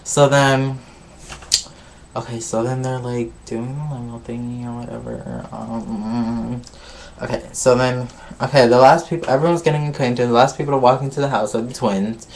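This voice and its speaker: Man, casual vlog recap, gossipy, profane, chatty, middle-pitched voice. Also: fairly even intonation, normal speed, creaky, a little mellow, a little hiss or hum. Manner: gossipy, swears a lot, skips ahead with "blah, blah, blah". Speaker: vlogger reviewing a reality show.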